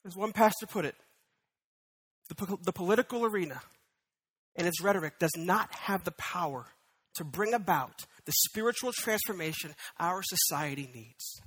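High, bright-voiced man preaching. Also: lively intonation, normal speed, slightly rough. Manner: emphatic preaching, rising to loud repeated declarations. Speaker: pastor. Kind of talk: sermon.

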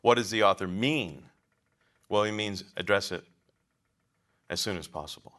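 A man's voice: on the low side, normal speed, a bit bright. A man teaching a class on biblical counseling, lecturing in an emphatic, conversational way and asking the room questions.

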